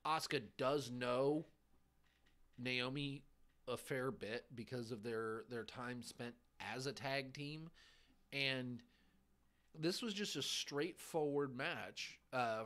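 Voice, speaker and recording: A man hosting a podcast, giving a casual recap of a televised show in a halting way, pausing between short phrases. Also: mid-range voice, a bit bright. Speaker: podcast host.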